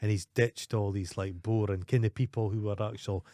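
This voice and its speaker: A man's voice: fairly low pitch, fairly even intonation, normal speed, dark tone, no echo, studio quality. A man co-hosting a casual podcast, ranting and swearing, often stumbling and restarting his sentences. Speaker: podcast co-host.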